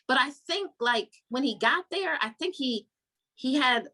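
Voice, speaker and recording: A woman's voice: high-pitched, unhurried. A woman hosting a casual book-club podcast, retelling the story in a frank, slangy way and laughing often. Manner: animated storytelling, voicing characters' lines. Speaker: podcast host.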